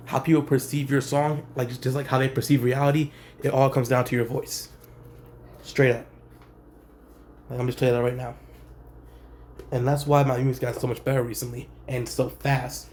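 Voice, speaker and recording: A young man, a rapper, speaking in a laid-back, slangy way with a monotone delivery in a casual vlog. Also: medium pitch, slight background noise. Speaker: rapper and channel host. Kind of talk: casual talking-head vlog.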